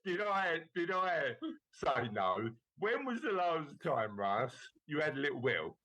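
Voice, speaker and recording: Playful podcast host. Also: male voice, fairly high pitch, big pitch swings, a little slow, sharp tone, lo-fi sound. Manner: playful, teasing, laughs often. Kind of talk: casual chat and show introduction.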